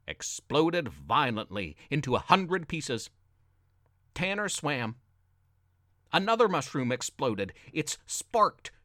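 A man reading a children's adventure story aloud with expressive, dramatic narration. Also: on the high side, dry recording, studio quality.

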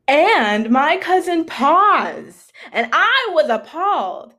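A woman's voice: high voice, takes it slowly, hardly any pauses. A young woman co-hosting a podcast, telling a story in casual, profane chat and acting out the people in it. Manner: animated, profane, quotes people in shifting voices. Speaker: podcast co-host.

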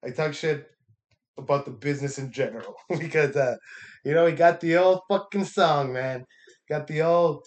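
A man's voice: on the high side, normal speed. A young man, a stand-up comedian from Texas, giving a loose, profane recap of his week, laughing often and acting out what people said. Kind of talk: casual recap monologue.

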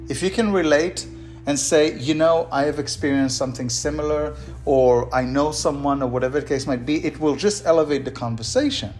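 Earnest man hosting a leadership podcast. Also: on the high side. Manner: earnest, encouraging, repeats key words. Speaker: podcast host. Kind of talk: solo podcast monologue.

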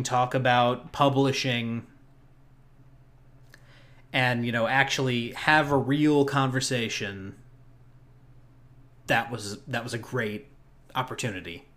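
This podcast host recaps a convention in casual, rambling chat, chuckling often and restarting sentences. He has a medium-pitched, fairly bright voice and keeps a measured pace broken by long pauses.

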